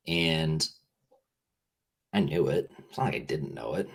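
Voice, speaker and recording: A man's voice: extremely low pitch, animated, unhurried, creaky, breathy edge. A man speaking as a podcast guest in an earnest, rambling way, often saying "like" as he thinks aloud. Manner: earnest, rambling, heavy use of "like". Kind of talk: reflective conversational talk.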